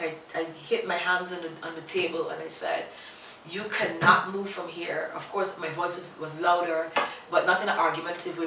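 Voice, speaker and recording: A woman's voice: fairly low pitch, sharp tone. A young woman earnestly recounting a personal story, repeating phrases and acting out both sides of a conversation. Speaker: vlogger telling a personal story. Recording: echoey room, voice a bit far from the mic, faint noise.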